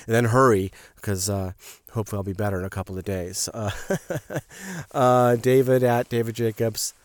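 A man with a hoarse, sick-sounding voice, chatting casually in a rambling solo monologue with many fillers. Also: on the low side, steady tone, moderate pace, no room sound. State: hoarse from a cold. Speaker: podcast host and voiceover artist.

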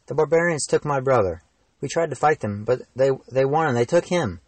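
A teenage man voicing a confused, hurt boy in a storybook reading, with a slightly hoarse voice. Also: mid-range voice, animated, brisk, no room sound, far from the mic, voice pushed up, lightly acted. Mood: desperate.

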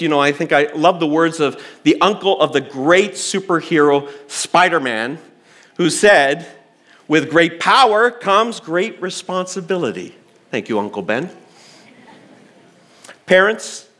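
A middle-aged man, a pastor, preaching a sermon in a church, acting out quotes and swinging between loud bursts and quiet, low lines. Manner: animated preacher acting out quotes with sudden loud and soft turns. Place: church hall.

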